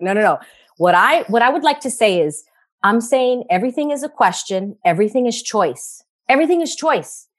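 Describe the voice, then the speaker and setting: A woman guest in a casual podcast conversation, animated and acting out the voices she quotes. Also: medium pitch.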